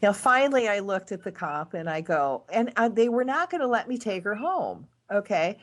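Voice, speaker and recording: A middle-aged woman guest telling a long personal story in a casual, animated way, with big swings in her voice. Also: mid-range voice, moderate pace. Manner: animated, dramatic swings in voice when retelling events.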